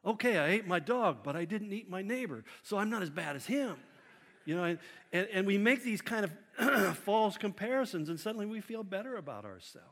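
Animated male preacher in a reverberant hall. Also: fairly quick. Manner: animated, acts out quotes with shifting pitch and loudness. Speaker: pastor. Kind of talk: sermon.

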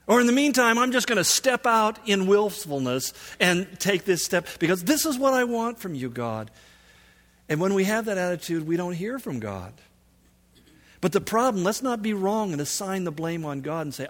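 A man's voice: sits high, animated, moderate pace, a bit bright. A man giving a sermon as a pastor, telling stories in a conversational way and building up to emphatic peaks. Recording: long hall reverb.

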